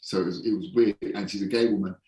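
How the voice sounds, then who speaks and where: A man in a casual podcast interview, a holistic performance coach who speaks frankly and swears casually, slowing down for emphasis. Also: deep voice, fairly even intonation, warm tone, distant mic. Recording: echoey room, voice somewhat off-mic.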